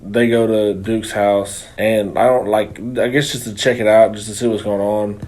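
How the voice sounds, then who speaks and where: A man's voice: on the low side, flat delivery, normal speed, darkish tone. A man co-hosting a movie review, chatting casually and swearing a lot, with many "like" fillers as he retells the plot. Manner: rambling, profane, lots of filler "like". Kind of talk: casual chat.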